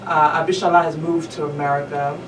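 A woman's voice: low-pitched, flat delivery, a little fast. A woman guest on a radio show, explaining earnestly with small laughs. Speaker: actress guest. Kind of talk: interview answers. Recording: roomy distant mic with noise.

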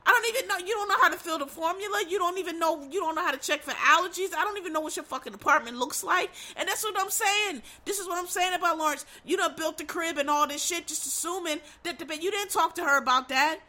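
A woman's voice: extremely high pitch, fast talker, hardly any pauses, sharp tone. A middle-aged woman giving a blunt, profane, emphatic rant about a TV show. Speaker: TV show commentator. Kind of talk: casual commentary rant.

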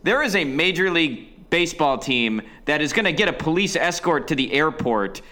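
Man, bright edgy tone, slightly high, relaxed casual chat. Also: normal speed. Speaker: podcast co-host.

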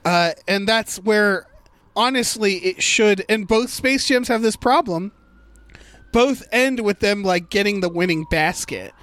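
A man's voice: high-pitched, a little slow, fairly bright tone, dry recording. A man in a casual movie review chat, rambling and thinking aloud as he picks apart a plot.

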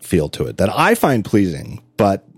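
Man, podcast host, very deep voice, animated swings in pitch, casual storytelling, laughs a lot. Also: moderate pace, breathy edge, no echo. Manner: chatty, self-correcting, laughs often while telling stories. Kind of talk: casual chat.

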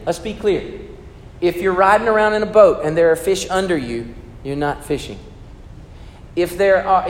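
A male pastor preaching a sermon, animated, rising to loud emphasis and dropping to hushed storytelling. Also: sits high, big-room sound.

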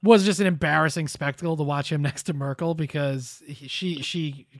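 Male podcast co-host, mildly high voice, sarcastic and casual, dry close sound. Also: normal speed, dry recording. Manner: sarcastic, loose, swears. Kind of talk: casual political chat.

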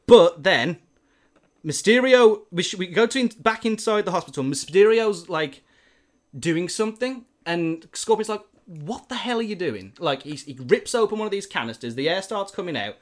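A man's voice: high voice, animated, normal speed. A man animatedly telling a story in casual chat, with lots of filler words.

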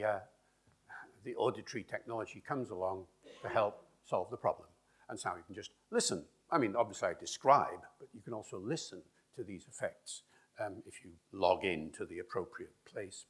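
A man giving a public lecture in a lively, discursive way, with chatty asides. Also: medium pitch, slightly rough. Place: lecture hall with an audience.

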